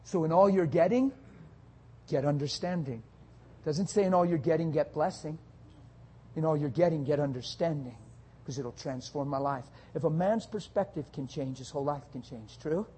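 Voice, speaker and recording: A male pastor preaching a sermon, dropping soft and low at times and building to loud, rapid rhetorical questions. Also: slightly rough. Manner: swings from soft and low to loud, high-pitched exhortation.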